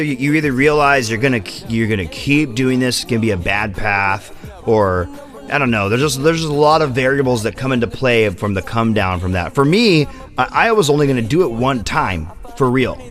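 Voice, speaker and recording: Casual man telling a wild story. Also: medium pitch. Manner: animated, acts out friends' lines in raised voices. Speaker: podcast host.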